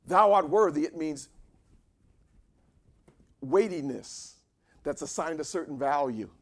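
A male pastor preaching a sermon, who swings from quiet asides to shouted, drawn-out lines and leads the congregation in reading scripture aloud. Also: on the high side, animated.

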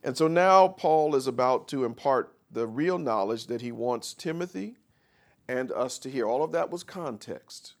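A man preaching a sermon, reading scripture slowly and explaining it, calling out questions for the congregation to answer. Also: expressive. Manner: call-and-response with the congregation; reads scripture slowly then explains, rising louder and higher.

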